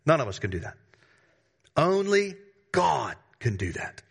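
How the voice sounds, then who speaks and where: A man preaching a sermon to his congregation, emphatic, with sudden rises in pitch and volume and casual slangy asides. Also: sing-song, a little slow, gravelly, slightly rough. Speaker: pastor.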